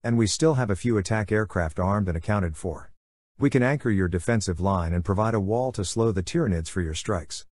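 A man voicing a calm, measured veteran male warrior-monk. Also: on the low side, no room sound, clean studio sound, natural voice.

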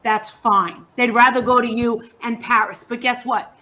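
A woman's voice: on the high side, steady tone, normal speed, bright, forceful tone. A woman speaking as a guest on an online panel. She talks in a confrontational, scolding way. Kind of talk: heated online panel talk.

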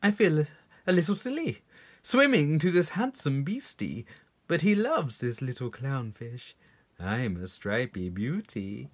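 A man voicing a vain, giddy little female clownfish in a children's poem, speaking in a high, preening voice. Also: very animated, measured pace, slightly rough.

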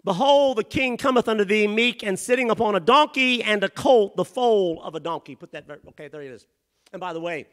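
A man preaching a sermon as pastor in a church, rising to shouted emphasis and dropping to quiet asides. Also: fairly high pitch. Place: church sanctuary.

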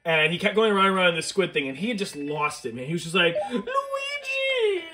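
A man's voice: a little high, very fast. A man co-hosting a let's play, joking and swearing in casual gameplay banter. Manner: joking, animated, swears often. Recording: game music behind.

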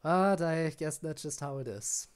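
A man's voice: fairly high pitch, a little slow, smooth. Chatty man streaming a game. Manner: chatty, rambling, answers chat with restarts. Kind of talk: casual live-stream chat while gaming.

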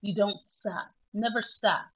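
A woman's voice: mid-range voice, measured pace, fairly bright tone, slightly rough, rough recording. A woman vlogging casually, chatty and self-mocking, laughing and tearing up as she talks. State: tearful at times. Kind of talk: casual selfie vlog.

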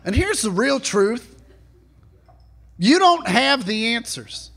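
A man doing a live stand-up set in a comedy club, mocking and profane, shouting his punchlines. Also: very high voice, very animated, slow pace, gravelly. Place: comedy club stage before a laughing audience. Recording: live club recording, audience noise.

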